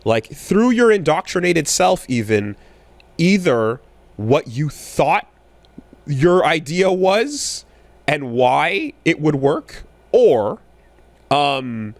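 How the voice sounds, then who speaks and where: A man in his thirties co-hosting a podcast in casual chat, rambling with many fillers and restarts, getting animated when riled. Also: on the high side, slow pace, no room sound. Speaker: podcast co-host.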